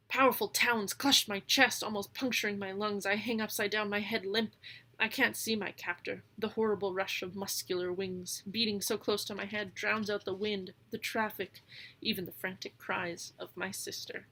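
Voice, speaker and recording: A woman narrating a first-person animal adventure aloud, lively, with small laughing asides. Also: medium pitch, moderate pace. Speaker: reader. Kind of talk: audiobook narration.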